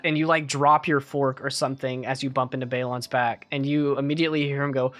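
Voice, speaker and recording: A man's voice: medium pitch, a little fast, fairly bright tone, faint music behind. A man narrating as game master of a tabletop game, in loose, casual speech with many fillers.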